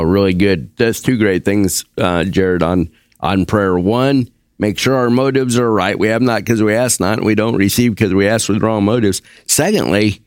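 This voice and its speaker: A man's voice: fairly low pitch, darkish tone, no echo, clean studio sound. A man hosting a Bible study discussion, affirming and summing up what the others say. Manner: affirming, sums up others' points. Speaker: discussion host.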